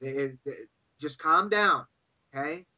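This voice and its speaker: A man co-hosting a podcast, joking in a mock-grandiose way with lots of stammered restarts. His voice is high and bright. The recording sounds a little dull and muffled. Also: unhurried. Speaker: podcast co-host. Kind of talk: casual chat.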